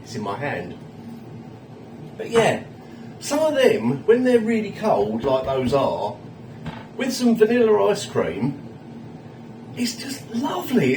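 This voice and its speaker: A man's voice: a little high, darkish tone, roomy sound, recorded from a distance, a little hiss or hum. A man reviewing a ready meal at home, chatty and self-mocking, a little tipsy after a few drinks. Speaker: food reviewer. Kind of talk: casual food review vlog. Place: home kitchen.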